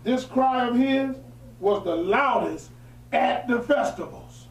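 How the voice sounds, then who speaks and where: A man's voice: very high voice, animated, takes it slowly. A man teaching in a religious setting. He reads a historical text aloud and breaks into emphatic, colloquial preaching asides. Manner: switches from formal reading to emphatic colloquial asides. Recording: echoey room, distant mic.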